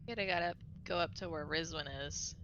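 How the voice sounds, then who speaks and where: A woman's voice: on the low side, steady tone, a little fast, fairly bright tone, highs cut off, a little hiss or hum. A woman playing a tabletop game, chatting in a playful, jokey way. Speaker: player. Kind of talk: casual tabletop game chat.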